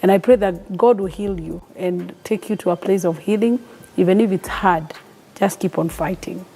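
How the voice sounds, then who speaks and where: A woman hosting an interview and encouraging her guest. Her voice is husky and mellow, with a dark tone and a gentle, prayerful close. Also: lowish voice, normal speed. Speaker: host.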